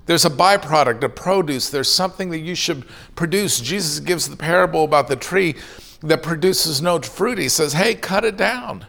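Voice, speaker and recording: Gravelly middle-aged man preaching. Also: fairly high pitch, normal speed, fairly bright tone. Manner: earnest preaching, acts out quoted voices. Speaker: pastor. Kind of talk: sermon.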